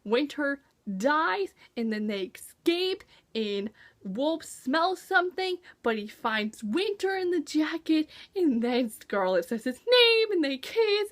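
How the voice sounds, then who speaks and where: A high-pitched woman chatting about a book with a gushing, excitable energy. Her voice swings widely up and down as she acts out her own reactions. It sounds like a relaxed, casual review. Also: unhurried. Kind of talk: casual chat.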